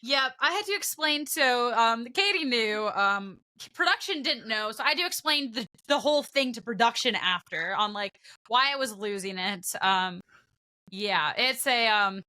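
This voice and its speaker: Woman, young adult, podcast co-host, high voice, casual storytelling, animated. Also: moderate pace, clean tone. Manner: animated storytelling with frequent laughter. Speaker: podcast co-host and broadcast commentator.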